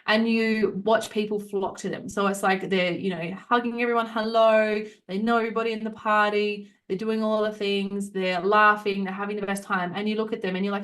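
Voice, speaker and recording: A woman's voice: mid-range voice, fairly quick, a bit bright. A young adult woman hosting a solo motivational podcast, talking frankly and swearing freely as she acts out the voices in people's heads. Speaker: podcast host.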